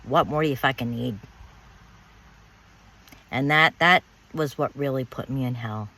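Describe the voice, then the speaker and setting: A woman's voice: extremely low pitch, unhurried, sharp tone. A woman telling her own story of betrayal in a bitter, emphatic way, repeating words and swearing. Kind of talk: personal storytelling monologue.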